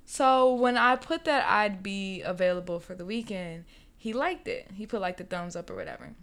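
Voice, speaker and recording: Young woman, casual dating chat, bright voice, smooth and clear, chatty storyteller. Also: mid-range voice, moderate pace. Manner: chatty, storytelling, frequent "like" fillers.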